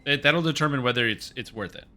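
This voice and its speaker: Bright-voiced joking male streamer. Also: medium pitch, quick pace, a little hiss or hum. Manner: joking, rambling, reading chat aloud. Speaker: game streamer. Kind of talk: casual stream chat while gaming.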